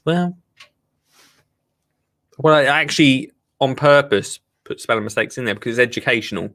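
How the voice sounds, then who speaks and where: A man's voice: mid-range voice, moderate pace, long pauses, sharp tone. Chatty man hosting a live show. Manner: rambling, chatty, reads viewer comments. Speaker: gardening show host. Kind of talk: casual live-stream chat.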